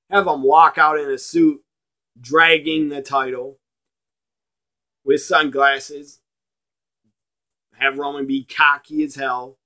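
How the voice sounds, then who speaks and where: A man ranting in a blunt, profane video review, slowing down to stress his points. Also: mid-range voice, pushed and bright. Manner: emphatic, slows down to stress points.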